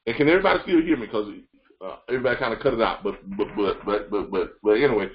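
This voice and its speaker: A man leading a training call, coaching listeners with repetitive, animated talk. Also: fairly low pitch, rapid-fire, lo-fi sound. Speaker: freight broker trainer.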